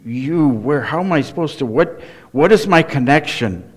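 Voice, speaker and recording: A man's voice: on the high side, expressive, moderate pace. A man preaching a sermon, earnest and emphatic, often asking the congregation direct questions. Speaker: pastor.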